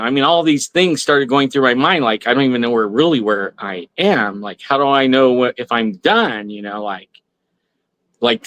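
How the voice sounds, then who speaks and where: A man's voice: mid-range voice, fairly bright tone, no echo. A man telling a personal story on a talk radio show, rambling with many restarts and fillers. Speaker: guest. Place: radio studio.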